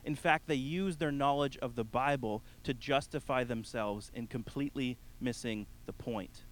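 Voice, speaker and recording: A man's voice: mid-range voice, normal speed, rough recording. A male pastor delivers a sermon to his congregation in an earnest, conversational voice. He climbs to emphatic peaks, then drops almost to a murmur. A faint hum sits beneath the recording. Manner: addresses the congregation directly.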